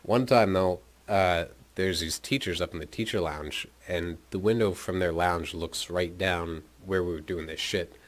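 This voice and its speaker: A man's voice: low-pitched, unhurried, few pauses. A young man casually telling a rambling, profane story about his school days, often laughing as he talks. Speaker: podcast host telling his life story.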